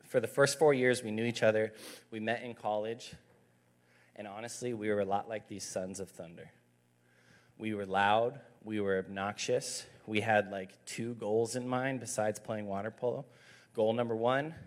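A man in his thirties, a youth pastor, giving a conversational, emphatic sermon with stories. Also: fairly low pitch.

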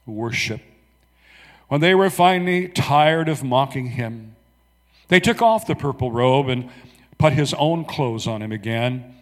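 A man preaching, reading scripture aloud slowly and dramatically, with soft asides to the congregation. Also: mid-range voice, in a large hall.

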